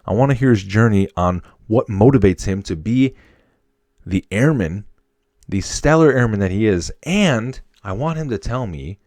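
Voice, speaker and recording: A man in his thirties from Wisconsin, with a faint Upper Midwest accent, hosting a casual solo podcast in a slangy, excitable, chummy way. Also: deep voice, no room sound. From Wisconsin, USA. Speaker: podcast host.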